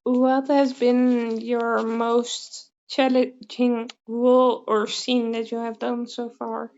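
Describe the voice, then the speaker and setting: A woman interviewer asking short, soft-spoken questions. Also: a little high, level tone, takes it slowly. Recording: dull lo-fi sound.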